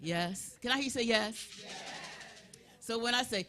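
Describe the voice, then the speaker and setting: An older woman leading a congregation in a call-and-response song, lively and chatty, coaxing everyone to join in. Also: fairly high pitch, normal speed, long pauses. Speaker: song leader. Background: band music.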